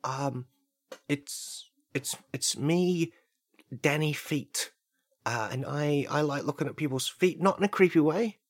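A man voicing a dreamy, barefoot-loving male ad pitchman in a spoof advert, slow and soothing. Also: no room sound.

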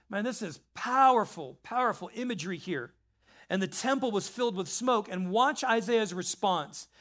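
A man preaching a sermon in an animated, conversational way, reading scripture and adding casual asides. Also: high-pitched. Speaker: pastor.

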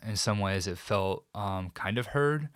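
A man as an interview guest, recounting a painful personal story in a reflective, halting way with many restarts. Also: lowish voice, animated, clear, resonant tone, dry recording, clean studio sound.

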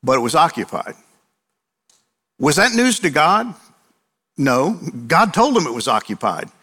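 A middle-aged male pastor preaching a sermon, animated, firing off rhetorical questions and acting out quotes. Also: on the high side, measured pace, pauses often. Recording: long reverb of a large hall.

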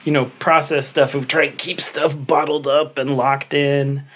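A man telling an old story and reflecting on it, speaking gently and repeating words for effect. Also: a little high, flat delivery, measured pace, a little hiss or hum.

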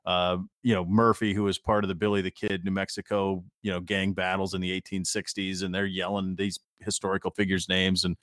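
Chatty low-voiced man telling stories. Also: little pitch movement, brisk, few pauses, fairly bright tone, no room sound, studio quality. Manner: rambling storyteller, swears casually. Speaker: podcast co-host. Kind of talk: casual sports chat.

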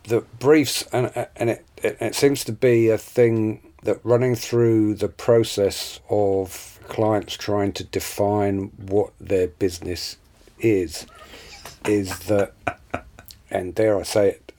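A man's voice: on the low side, steady tone, slow pace, warm tone. A man from the advertising world talking casually, often repeating words as he starts a thought. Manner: stammering, repeats words when starting sentences. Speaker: advertising professional. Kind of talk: casual conversation.

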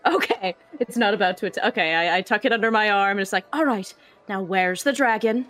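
A woman's voice: mid-range voice, fairly quick, a bit bright, faint music behind. A woman playing a tabletop roleplaying game, playful and eager, who laughs often. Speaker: player. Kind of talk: casual tabletop game play.

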